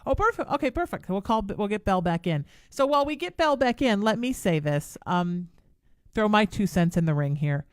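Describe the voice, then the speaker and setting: A woman's voice: medium pitch, lively intonation, a little fast, no room sound, clean studio sound. A woman hosting a live call-in radio show, giving chatty, emphatic spiritual advice to callers. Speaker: radio show host and psychic.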